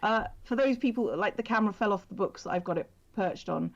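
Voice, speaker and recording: A woman chatting casually as she draws on a livestream, her voice at an ordinary middle pitch. She talks hesitantly and plays herself down. The stream audio sounds a little dull and lo-fi. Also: a little fast, gravelly. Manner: self-deprecating, hesitant. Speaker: artist and stream host. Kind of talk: casual chat while drawing.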